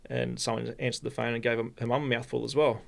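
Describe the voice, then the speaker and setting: An Australian man, a podcast guest, telling a personal story in a halting, rambling way with many restarts. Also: mid-range voice, level tone, creaky. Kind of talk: casual storytelling.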